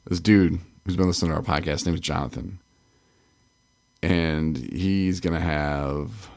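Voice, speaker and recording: This co-host of a recovery podcast, a man from Michigan, has a low voice marked by vocal fry. He chats casually and rambles, laughing a lot and cutting himself off to start over.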